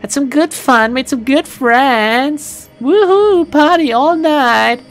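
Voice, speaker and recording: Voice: sits high, slow pace, faint music behind, voice pushed up. A streamer voicing a cheerful, hard-drinking young American woman shaman in a put-on Valley Girl accent while reading a game aloud. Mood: bubbly. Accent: attempted American Valley Girl.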